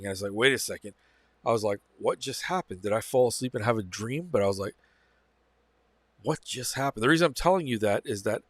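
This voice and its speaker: A man's voice: medium pitch, fairly bright tone, dry recording. A man hosting his own channel, telling a personal story in a loose, casual way, repeating phrases and correcting himself as he goes. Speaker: channel host.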